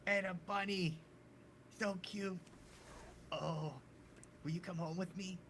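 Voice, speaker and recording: A wide-eyed little boy, high and bright, gasping with wonder at every new thing he spots, as a game master puts him on. His voice jumps well above a grown man's and sounds brimming and breathless. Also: fairly even intonation, slow pace, slight background noise, exaggerated voice. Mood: smitten.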